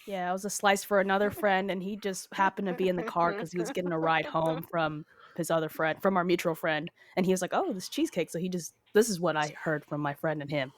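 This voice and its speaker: A woman with a low, rich voice and a slight cold, telling stories in casual podcast chat and laughing through them. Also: quick pace. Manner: laughs through her stories, animated storyteller. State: has a cold. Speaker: co-host.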